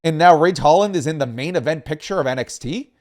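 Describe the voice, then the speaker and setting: A man co-hosting a podcast in casual chat, animated and opinionated, often restarting his sentences. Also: on the high side, fast. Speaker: podcast co-host.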